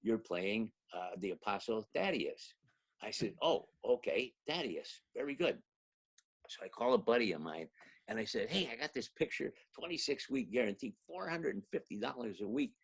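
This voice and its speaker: Older male actor, husky low voice, animated anecdote teller. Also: moderate pace. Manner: animated storyteller, acts out quotes, laughs often. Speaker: actor guest. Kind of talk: anecdotal storytelling.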